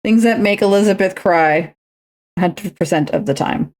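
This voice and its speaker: Medium in pitch and a touch mellow, this woman's voice moves at a moderate pace. She streams from home as she cross-stitches, telling meandering, self-mocking stories in a chatty way.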